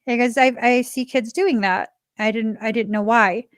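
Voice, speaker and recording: A woman in her forties hosts a spiritual self-help podcast in a fairly high voice. She talks earnestly and leans on key words, then eases into a softer, reflective tone. The sound is close and dry. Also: steady tone, moderate pace, dry recording. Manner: earnest and emphatic, stressing key words, sometimes dropping to a soft reflective tone. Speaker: podcast host.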